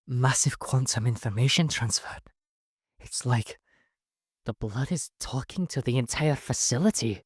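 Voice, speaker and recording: A man voicing an excited, urgent male scientist in a sci-fi story. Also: medium pitch, unhurried, breathy edge, no echo, studio quality.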